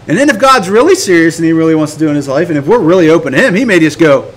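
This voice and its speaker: An American man teaching a Bible study on prayer, animated and emphatic, full of rhetorical questions. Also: fairly high pitch, very fast, few pauses. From United States.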